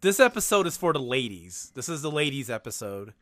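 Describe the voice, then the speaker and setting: A man's voice: mid-range voice, a little fast, dry recording. Male podcast host, casual and jokey, mid-range voice, dry close sound. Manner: jokey, relaxed, runs the segment. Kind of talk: casual chat.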